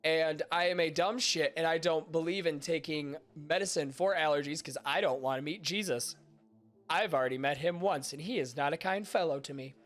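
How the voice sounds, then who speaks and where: A slightly high, fairly bright male voice at a moderate pace, with faint music behind it. The young host of a podcast stream sounds nasal and congested from allergies while he swears a lot, cracks crude jokes and mocks himself with his chat.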